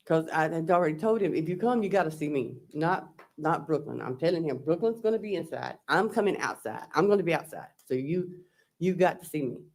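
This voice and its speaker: Testifying as the defendant, she speaks briskly in a low, darkish voice with lively intonation. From the courtroom stand she goes over text messages, quoting what each side said.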